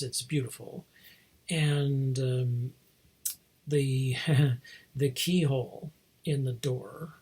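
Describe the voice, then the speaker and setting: Very husky man rambling about a film. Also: medium pitch, a little mellow. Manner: rambling, digressive, many fillers and restarts. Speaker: podcast host. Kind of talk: casual film review.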